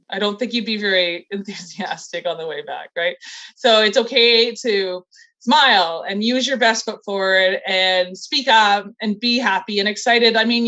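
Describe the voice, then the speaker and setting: A woman's voice: mid-range voice, a bit bright, low-quality recording. A woman leading a training session, enthusiastic and encouraging, chatty, with frequent "like" fillers. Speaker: college recruitment trainer. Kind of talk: upbeat training presentation. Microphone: video call.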